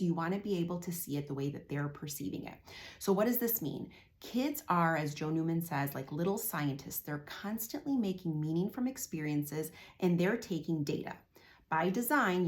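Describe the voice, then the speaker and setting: Woman coach with a lower voice. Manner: calm explaining, acts out parent and child dialogue. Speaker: parenting coach. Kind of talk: direct-to-camera parenting advice.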